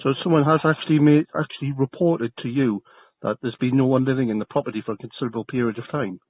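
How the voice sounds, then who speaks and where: A man's voice: mid-range voice, steady tone, fast talker, husky. A man making an angry complaint over the phone, indignant and repeating himself as his voice rises. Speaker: tenant complaining on a phone call. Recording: tinny phone line, dry.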